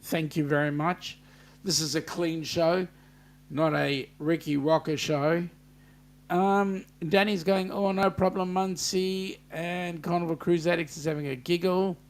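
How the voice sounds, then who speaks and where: A man's voice: on the high side, steady tone, unhurried. An Australian man hosting a live stream, reading out viewer comments and teasing the regulars with banter. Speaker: host.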